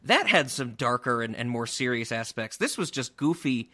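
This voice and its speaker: A man chatting casually about a film, lively and amused. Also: mid-range voice, moderate pace. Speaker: podcast co-host. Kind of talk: casual film review chat.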